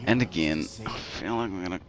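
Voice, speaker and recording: Young male co-host, low voice, loose rambling chatter full of fillers. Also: a little fast. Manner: rambling, filler-heavy, drops to mumbles. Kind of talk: casual chat over gameplay.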